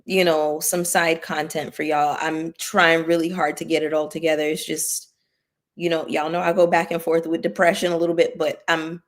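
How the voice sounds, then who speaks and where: A woman hosting a casual livestream, chatting with viewers and thanking them by name, with features. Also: low-pitched. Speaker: YouTube commentary host.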